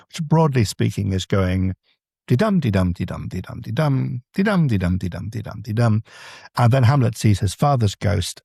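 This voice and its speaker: A man's voice: lowish voice, gravelly, warm tone, breathy edge, no room sound, studio quality. A man, a translator, explaining his craft in a podcast interview, thoughtful and full of examples. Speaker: translator guest.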